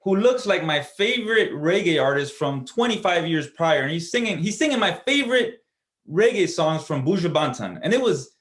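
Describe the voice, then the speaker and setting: A man's voice: fairly high pitch, sing-song, normal speed. A man telling a personal story as a guest speaker at a church service, in an earnest, conversational way.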